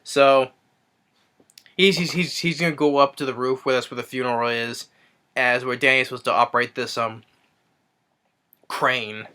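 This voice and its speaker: A man's voice: medium pitch, steady tone, moderate pace, sharp tone, clear, resonant tone. A man giving a casual spoken movie review, retelling scenes eagerly with many fillers and restarts.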